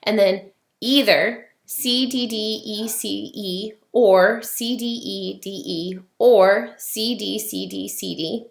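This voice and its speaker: A woman's voice: mid-range voice, slow, creaky, few pauses, reverberant. A woman teaching an online class in a casual, explanatory way with many fillers.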